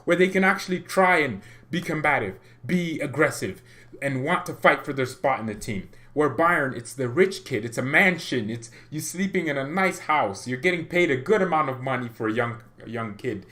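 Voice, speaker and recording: Man, fan channel host, livestream chat, rambling, excitable, mid pitch. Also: normal speed. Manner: rambling and excitable, many restarts.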